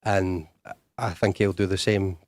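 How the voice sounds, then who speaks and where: Low, flat-voiced Scottish football fan. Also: male voice, unhurried, no echo. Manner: rambling, lots of "like" fillers. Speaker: studio audience fan guest. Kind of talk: casual football opinion. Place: radio studio.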